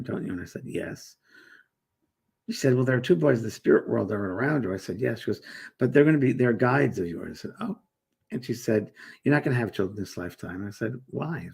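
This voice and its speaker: Gravelly, husky middle-aged man chatting. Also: medium pitch. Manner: rambling, chatty, reads viewer comments aloud and answers them. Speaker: host and medium. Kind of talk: casual live-stream chat answering viewers.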